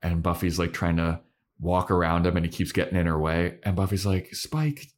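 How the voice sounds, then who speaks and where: A man co-hosting a podcast, retelling a show's scenes in casual chat and acting out the characters' lines with quick put-on quotes and plenty of swearing. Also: low-pitched, little pitch movement. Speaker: podcast co-host.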